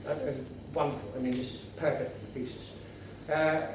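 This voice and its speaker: A man doing stand-up as a bumbling, pompous character who turns quickly indignant, recorded on stage at a comedy club. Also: on the high side, level tone. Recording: very echoey room from far off, noisy.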